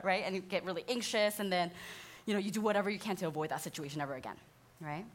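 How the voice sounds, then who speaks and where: Animated woman in her thirties teaching. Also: fairly low pitch, quick pace. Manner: animated, acts out quoted voices, laughs often. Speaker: speaker, counselor. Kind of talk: sermon-style teaching talk.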